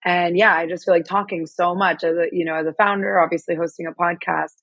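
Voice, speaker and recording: A woman founder as a podcast guest, her voice slightly scratchy after losing it, talking in a relaxed, conversational way. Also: fairly low pitch, fairly quick, no echo, highs cut off. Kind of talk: casual interview chat.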